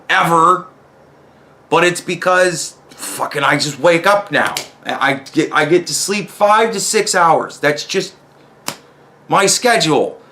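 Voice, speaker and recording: A man's voice: high voice, pushed and bright. A man in an angry personal vlog rant, profane, heated and rambling. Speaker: vlogger.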